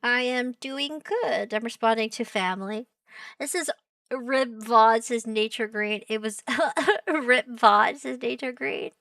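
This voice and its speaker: A woman's voice: fairly high pitch, slow pace, fairly bright tone, no room sound, clean studio sound, far from the mic. A young woman streaming as a VTuber, chatting casually and playfully while reacting to a show, giggling and teasing her chat.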